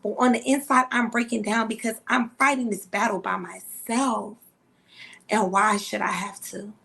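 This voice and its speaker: A woman co-hosting a podcast in casual conversation. She talks candidly and with emphasis, drawing on her own experience, and her pitch sits in an ordinary middle range. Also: fairly even intonation, moderate pace, gravelly, bright, forceful tone. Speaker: podcast co-host. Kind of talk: casual chat.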